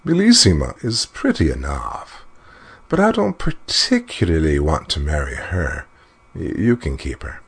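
A man's voice: extremely low pitch, huge pitch swings, measured pace, creaky, slightly rough, exaggerated voice. A man reading a fairy tale aloud and voicing a smug, greedy little male dwarf with a sly, disdainful manner. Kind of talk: storybook narration.

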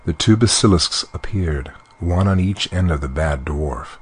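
Storybook narrator, man, very low and husky, steady descriptive reading. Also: a little slow.

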